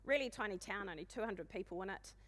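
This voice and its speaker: A woman in her forties with a New Zealand accent, giving a humorous, self-deprecating keynote talk in a loud, booming voice and speaking fast. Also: expressive. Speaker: conference speaker. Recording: long hall reverb.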